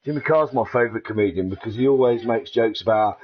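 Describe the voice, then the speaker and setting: A man's voice: lowish voice, fast talker, few pauses, breathy edge. A middle-aged man with an English accent, rambling in a casual, profane monologue and laughing at his own jokes. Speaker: vlogger. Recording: dull lo-fi recording.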